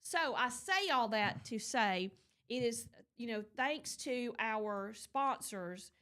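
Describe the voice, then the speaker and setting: A woman's voice: fairly high pitch, lively intonation, slow, fairly bright tone. A woman hosting a morning show, chatting casually and telling stories with lots of fillers. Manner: chatty storyteller, rambling with fillers. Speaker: radio morning show host. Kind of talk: casual on-air chat.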